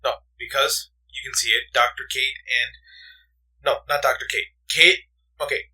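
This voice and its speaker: A man co-hosting a casual movie podcast, animated, laughing often and swearing freely. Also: medium pitch, measured pace, far from the mic, poor audio. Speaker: podcast co-host. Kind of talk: casual chat.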